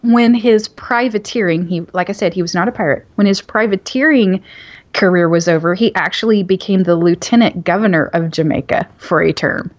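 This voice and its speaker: A woman's voice: medium pitch, brisk, lo-fi sound. A woman author being interviewed, explaining her research eagerly and in detail, with frequent ums. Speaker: author guest. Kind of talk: podcast interview.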